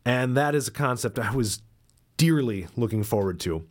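A man's voice: medium pitch, lively intonation, moderate pace. A man hosting a podcast, reading a travel story aloud and breaking off for wry, self-deprecating jokes. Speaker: podcast host and dairy farmer.

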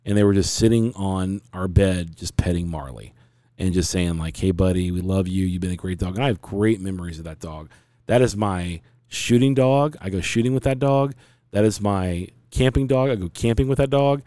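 A man in his forties rambles earnestly through a long personal story, much like a casual podcast guest. His slightly low voice is mellow and warm, and he talks at a normal speed. The recording is close and dry.

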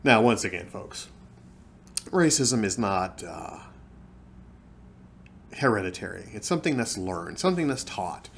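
A man talks straight to his podcast listeners, theatrical and wry. His voice sits fairly low but jumps around a lot as he tells the story. A faint hum of room noise sits behind him. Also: lively intonation, unhurried, gravelly, long pauses. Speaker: podcast host. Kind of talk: storytelling monologue.

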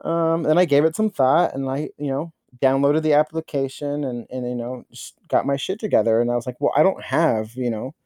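A young man, a podcast guest, telling crude, animated stories in casual chat, swearing and stumbling over fillers. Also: mid-range voice, fairly quick, few pauses, no room sound, studio quality.

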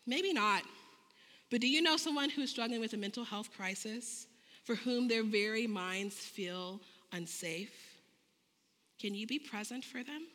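A woman in her thirties giving a sermon full of stories, acting out conversations with lively jumps in her voice. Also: moderate pace. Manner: animated, acts out dialogue with big pitch jumps. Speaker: preacher. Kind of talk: sermon with storytelling. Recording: long reverb of a large hall.

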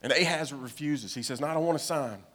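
A pastor preaching a sermon, retelling a story with acted dialogue, swinging between hushed, low lines and loud, urgent ones. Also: male voice, fast. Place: church sanctuary.

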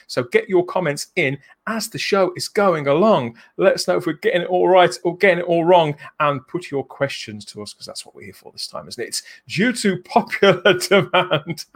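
A man's voice: on the high side, a bit bright. A man from England hosting a live-streamed chat show in a jokey way, chuckling between phrases. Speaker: host.

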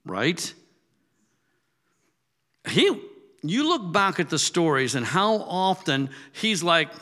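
A man's voice: a little high, very animated, slow, pauses often, pushed and bright. A man preaching a sermon in a casual, conversational way that builds to emphatic, raised peaks. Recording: long hall reverb.

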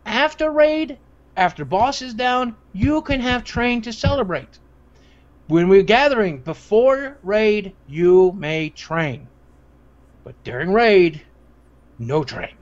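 A man voicing a female guild leader in a made-up accent, speaking slowly in choppy broken phrases. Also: mid-range voice, lively intonation, darkish tone, lo-fi sound, voice pushed up. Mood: earnest.

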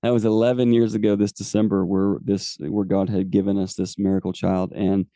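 A man's voice: sits low, little pitch movement, fairly quick, warm tone, dry recording, clean studio sound. A man in his forties, a podcast host telling a personal faith testimony in an earnest, rambling way with many fillers. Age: 40s.

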